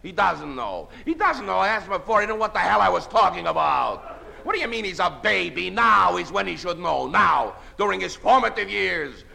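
Gravelly wry man on a one-sided phone call. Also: sits high, brisk, sharp tone. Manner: wry, teasing, mock-threatening. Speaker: comedian. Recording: hissy old record.

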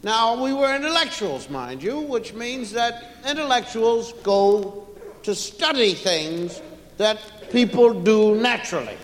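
A man doing stand-up storytelling on stage, drawing out his timing and breaking into loud chants and shouts. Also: high voice, expressive, a little slow, a little hiss or hum. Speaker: stand-up comedian. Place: large hall with a live audience. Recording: echoey hall, live stage recording.

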